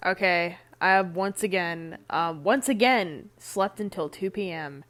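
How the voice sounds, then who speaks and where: A woman's voice: on the low side, measured pace, fairly bright tone, faint music behind. Congested woman rambling loosely over art footage. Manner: rambling, loose and swearing a lot. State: congested, nasal. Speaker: artist narrating her drawings. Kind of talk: casual voice-over chat. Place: home recording, voice-over over drawing footage.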